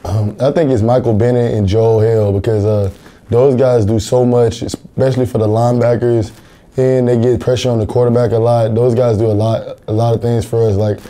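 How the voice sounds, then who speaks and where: A man's voice: medium pitch, little pitch movement, normal speed, dark tone. A young college football player answering interview questions in an earnest, plain-spoken way, often repeating words as he thinks. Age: young adult.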